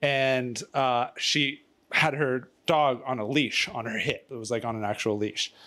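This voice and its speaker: A man's voice: medium pitch, steady tone, unhurried, sharp tone. A man telling a rambling story in casual chat, out of breath, stumbling over fillers and laughing often. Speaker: storyteller guest.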